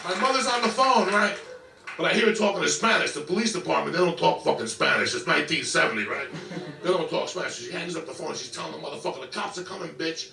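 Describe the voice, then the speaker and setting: New guy telling a dirty funny story, gravelly voice, echoey far-off clip. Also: high-pitched. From New York. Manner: brash, swearing constantly, animated. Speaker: stand-up comedian. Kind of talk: profane comedic storytelling. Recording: echoey clip picked up from afar.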